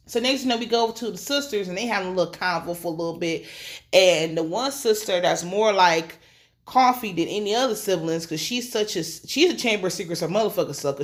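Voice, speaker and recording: A woman recapping a TV episode in a casual, slangy way, swearing freely and acting out the characters' lines. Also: medium pitch. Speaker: TV episode reviewer.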